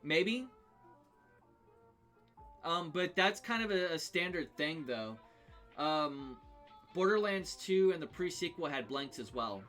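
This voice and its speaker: A man on a live game stream walks through a character build in a loose, unscripted way, pausing on ums and restarting his sentences. His voice sits a bit high and sounds bright and forward, with faint music playing underneath. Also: animated. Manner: thinking aloud with many ums and restarts. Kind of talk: casual game build talk.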